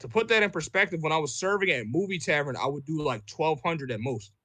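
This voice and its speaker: A man on a podcast telling a story in casual chat, profane and animated, full of fillers and "bro". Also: a little high, a little fast, no room sound.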